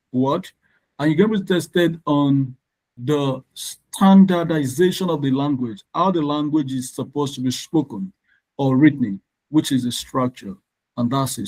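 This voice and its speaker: A man, tutoring English in a live online lesson, explaining slowly and repeating words for emphasis. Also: mid-range voice, darkish tone, rough recording.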